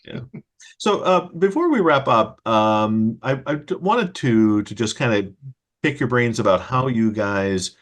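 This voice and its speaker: A man's voice: medium pitch, animated, a little slow. A man hosting a casual conversation, explaining patiently and giving spoken examples. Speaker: host and children's author.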